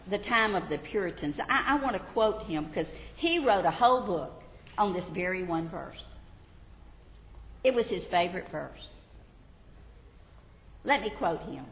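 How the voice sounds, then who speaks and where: Brief: earnest woman Bible teacher, very lively pitch, recorded in a hall with long reverb. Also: slight background noise. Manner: earnest, expressive, emphatic. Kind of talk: Bible teaching with read quotes. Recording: echoey hall, faint ambience.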